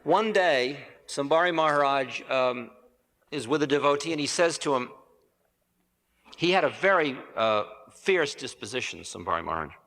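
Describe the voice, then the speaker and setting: A man's voice: mid-range voice, animated, moderate pace, fairly bright tone. Rambling male lecturer in a reverberant hall. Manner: rambling, conversational, with self-corrections and asides. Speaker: spiritual teacher giving a lecture. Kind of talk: storytelling lecture. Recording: reverberant 1980 hall recording.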